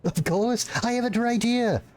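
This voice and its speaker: A man's voice: fairly high pitch, very animated, normal speed, voice pushed up. A man voicing an admiring young female officer who speaks with breathless, fan-like reverence to her lord. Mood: awed.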